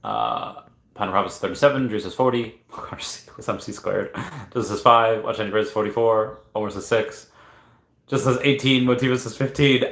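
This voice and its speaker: A man's voice: on the low side, animated, a little fast, vocal fry, a bit bright. A man hosting a casual livestream giveaway, playfully reading viewer comments aloud and now and then breaking into silly singing. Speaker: livestream host running a chat giveaway. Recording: echoey room.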